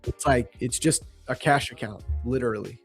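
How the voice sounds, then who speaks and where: A man's voice: mid-range voice, moderate pace, breathy edge, soft background music. A young man from New York hosting a casual livestream, laid-back and slangy, joking and reading chat aloud. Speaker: livestream trading host.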